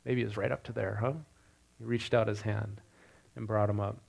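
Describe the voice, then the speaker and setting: A male pastor leading prayer and then preaching through a scripture passage, getting louder on the quoted lines and putting questions to his congregation. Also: fairly low pitch, fairly quick, gravelly. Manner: animated, rising loud on quoted lines, asks congregation questions. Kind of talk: sermon with scripture reading.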